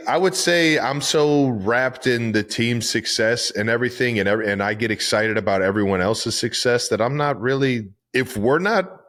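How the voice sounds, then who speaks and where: A man's voice: mid-range voice, moderate pace, few pauses, a bit bright. A man co-hosting a podcast in casual sports chat, blunt and laid-back, laughing and swearing often. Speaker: podcast co-host.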